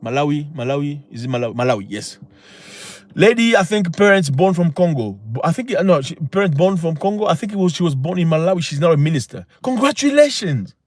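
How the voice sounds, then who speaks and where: A man's voice: on the high side, big pitch swings, quick pace, dry recording. A man hosting a livestream, talking in an impassioned, preachy way with many rhetorical questions. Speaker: channel host. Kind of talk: livestream talk.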